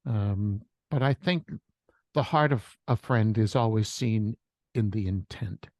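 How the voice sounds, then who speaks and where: A man's voice: on the low side, slow, darkish tone, dry recording. A man who is a worship leader, sharing a reflective devotional message with storytelling on a video call.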